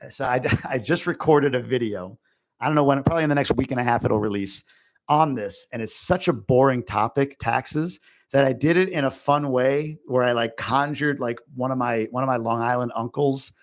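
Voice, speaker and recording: A man hosting a casual livestream question-and-answer session. He rambles in a chatty way, piling on fillers and side comments. His voice sits at an ordinary male pitch. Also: moderate pace. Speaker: host.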